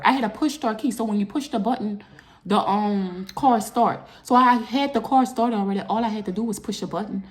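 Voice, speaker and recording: Speaking a little fast, this young woman shares a personal tale for her casual storytime vlog. Her delivery is lively, spiking into loud, high-pitched bursts whenever she gets upset.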